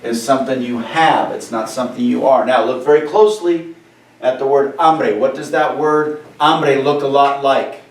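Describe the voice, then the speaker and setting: Male Spanish teacher, mid pitch, joking, repeats phrases; roomy sound, a bit off-mic. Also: moderate pace, far from the mic. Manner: animated, joking, repeats key phrases and asks "right?". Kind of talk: classroom lesson over a video call. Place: classroom or room with a board.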